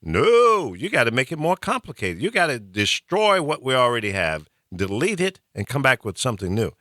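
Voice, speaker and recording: A man's voice: medium pitch, big pitch swings, normal speed, pushed and bright, no echo, studio quality. A middle-aged man from the American South hosting a call-in talk show, ranting animatedly and preachily. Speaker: host.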